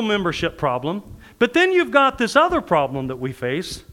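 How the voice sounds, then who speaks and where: A man's voice: a little high, brisk. A man preaching a sermon, telling stories and acting out the people in them, often laughing as he talks. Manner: animated, acts out quoted people, laughs while preaching. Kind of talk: sermon storytelling.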